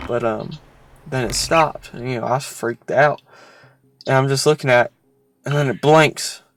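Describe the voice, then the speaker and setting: A man hosts a casual podcast at an ordinary mid pitch. He chats loosely with a friend, laughs often and plays up his spooky stories with some drama. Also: steady tone, moderate pace, a bit bright. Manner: chatty, laughs often, theatrical storytelling. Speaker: podcast host. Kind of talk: casual chat and storytelling.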